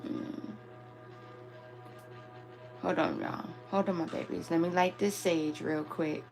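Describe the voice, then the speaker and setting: A woman's voice: lowish voice, steady tone, takes it slowly, creaky, a little mellow. Female live-stream host, casual and affectionate, phone-camera sound with faint music underneath. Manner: affectionate, chatty, calls viewers "my babies" and "y'all". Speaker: spiritual reader hosting a live stream.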